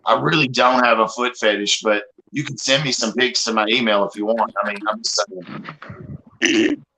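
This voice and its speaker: A man's voice: mid-range voice, fairly even intonation, normal speed, sharp tone, slight background noise, rough recording. A man from Tennessee with a Southern accent, joking and drawling in a casual livestream chat. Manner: joking, drawling, does a mock Boston accent.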